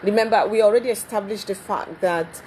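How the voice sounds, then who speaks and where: A woman hosting a live talk show, speaking haltingly with many ums and restarts. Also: medium pitch, darkish tone, a little hiss or hum, low-quality recording. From Nigeria.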